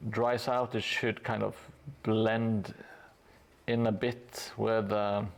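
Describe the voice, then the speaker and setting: A man's voice: on the low side, level tone, takes it slowly, creaky. A man chatting casually on a live stream while painting terrain, rambling and poking fun at himself, with lots of fillers and restarts. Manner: rambling, self-mocking, many fillers and restarts. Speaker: streamer building a tabletop terrain board. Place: hobby workspace at home.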